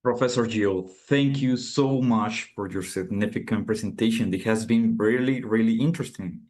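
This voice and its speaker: A man's voice: lowish voice, moderate pace, darkish tone. A man moderating a conference session, politely and formally thanking the speaker.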